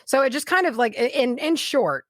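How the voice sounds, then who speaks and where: A woman's voice: high-pitched, big pitch swings, moderate pace, no echo, clean studio sound. A woman co-hosting a casual podcast, rambling through an explanation with many fillers and restarts. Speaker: podcast co-host. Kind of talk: casual chat.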